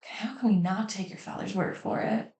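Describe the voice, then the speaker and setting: A woman's voice: mid-range voice, moderate pace, close to an everyday voice. A woman voicing a dismissive elderly grandparent who stubbornly denies anything is wrong. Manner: flat, brushing-off denial. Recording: echoey room.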